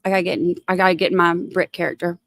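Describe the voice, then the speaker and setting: A woman's voice: fairly low pitch, level tone, very fast, a bit bright, no room sound, clean studio sound. A woman hosting a casual livestream, rambling and giggling at herself between topics. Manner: giggly, rambling, self-mocking. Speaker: livestream host.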